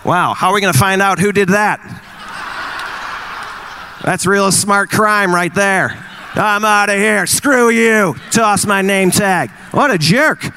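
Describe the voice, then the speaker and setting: Stand-up comic, male, forties, slightly high voice, wry crowd-work teaser, live room with faint noise. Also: pushed and bright. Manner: wry, teasing, acts out quick voices. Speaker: stand-up comedian. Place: live venue with an audience.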